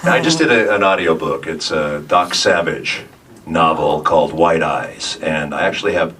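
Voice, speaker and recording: Deep-voiced man telling stories on a panel. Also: moderate pace, crowd noise. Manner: animated storyteller, puts on voices in anecdotes. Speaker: voice actor at a convention panel. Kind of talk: panel talk with audience. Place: convention panel room. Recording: noisy hall, miked from a distance.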